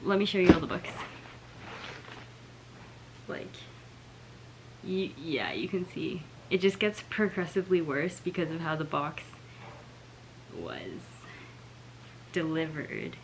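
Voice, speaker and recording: A woman's voice: low-pitched, big pitch swings, slow, long pauses, a little hiss or hum, rough recording. A young woman filming a casual book unboxing vlog at home, sounding let down, with lots of "like" and "oh my gosh". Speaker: book vlogger.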